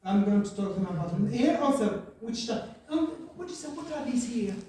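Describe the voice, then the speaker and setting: A man's voice: high voice, big pitch swings, very noisy. Male teacher, echoey distant room. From Algeria. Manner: halting, many fillers, checks in with "right?". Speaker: English teacher. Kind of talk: classroom lesson. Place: classroom. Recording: echoey classroom from far off.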